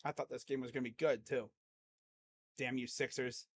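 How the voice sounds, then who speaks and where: A man giving casual live play-by-play reaction to a basketball game, jumping between loud excited calls and low muttered grumbling as a rambling fan. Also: moderate pace. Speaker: sports YouTuber doing live play-by-play.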